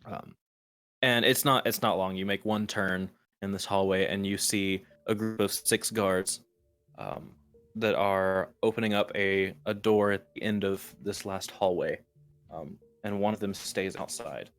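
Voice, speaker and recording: A man's voice: low-pitched, measured pace, clean tone, faint music behind. Man running a tabletop game. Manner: relaxed, full of fillers and restarts. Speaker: dungeon master.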